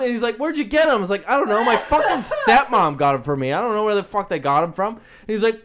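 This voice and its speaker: A man's voice: sits high, fast, few pauses, background noise. A young man telling stories in casual chat, swearing constantly and acting out the people in them. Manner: swears constantly, animated storytelling.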